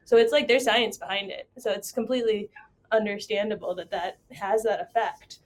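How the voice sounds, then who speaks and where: A woman's voice: medium pitch, steady tone, normal speed. A young woman co-hosting a podcast, chatty and casual, with lots of fillers and easy laughter. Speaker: podcast co-host. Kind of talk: casual chat.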